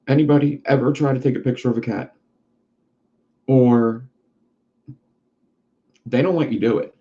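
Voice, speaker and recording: A man's voice: medium pitch, steady tone, normal speed, long pauses, dark tone. A man hosting a casual livestream chat who rambles and swears freely. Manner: profane, rambling. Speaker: livestream host. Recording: dull lo-fi sound.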